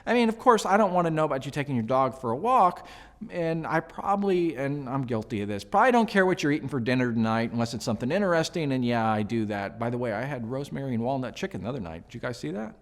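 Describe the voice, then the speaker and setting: A man giving casual sales advice, chatty and animated, with jokes and asides to the viewer. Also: mid-range voice, fast talker. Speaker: sales coach. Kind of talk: casual advice talk to camera.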